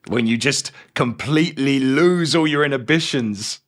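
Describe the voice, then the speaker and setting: A man with a mild Cockney accent reviewing a book in a chatty, joking way. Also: mid-range voice. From England. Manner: chatty, animated, jokes and quick asides. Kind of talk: casual video review.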